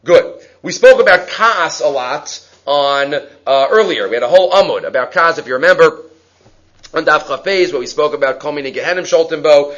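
A man giving a Talmud lecture, lively and acting out the quoted speakers. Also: fairly high pitch, normal speed, dull audio. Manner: animated, acts out quoted speakers, many fillers. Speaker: Talmud teacher.

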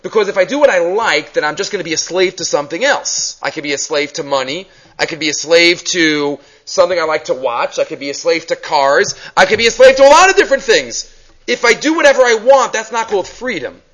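A man teaching a Torah class, animated, acting out questions and mixing Hebrew terms into his English. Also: sits high, brisk, highs cut off.

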